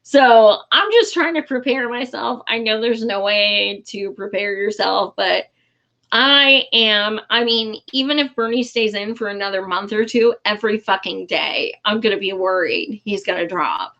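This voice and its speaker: A woman's voice: mid-range voice, unhurried, creaky, pushed and bright, muffled recording. A woman giving casual, frustrated political commentary in a vlog, blunt and swearing freely, with many fillers.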